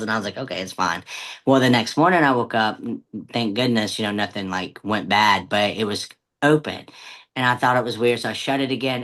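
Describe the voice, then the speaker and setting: A woman co-hosting a podcast in casual chat, an animated storyteller who acts out little voices for her pets. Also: very deep voice. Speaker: podcast co-host.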